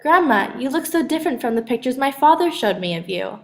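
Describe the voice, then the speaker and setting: A woman voicing a nervous little girl in a read-aloud storybook, speaking a little higher and louder than her narration. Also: animated, brisk, gravelly. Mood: eager. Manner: raised, eager, slightly higher voice.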